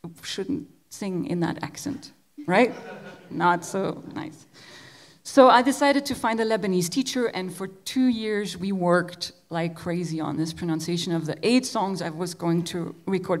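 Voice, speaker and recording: A woman from Belgium, a musician, giving a relaxed conversational lecture and often repeating words as she searches for the next thought. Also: fairly low pitch, moderate pace.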